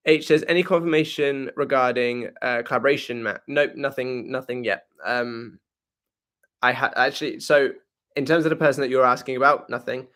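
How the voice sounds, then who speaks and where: A man's voice: medium pitch, steady tone, normal speed, fairly bright tone. A man hosting a live question-and-answer stream in a casual, rambling way, often correcting himself and laughing.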